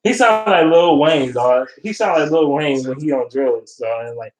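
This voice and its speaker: A man ranting casually and profanely about football, animated and blunt, as a vlogger. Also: fairly high pitch, moderate pace, a little hiss or hum. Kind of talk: casual sports rant. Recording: roomy echo.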